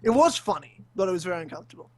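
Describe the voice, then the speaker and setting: A man's voice: high voice, very fast, a crowd in the background. A man, telling a story on a casual podcast, swearing freely and acting out the voices of the people in it. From Australia. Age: 20s. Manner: animated, swears freely, acts out voices in stories. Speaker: podcast host.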